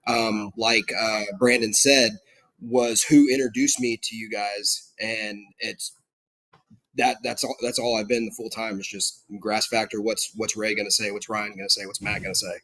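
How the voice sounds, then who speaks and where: A man's voice: lowish voice, flat delivery, normal speed, pushed and bright, no echo. A man with a South Georgia accent, a podcast guest talking eagerly in casual chat. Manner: eager, many fillers and restarts.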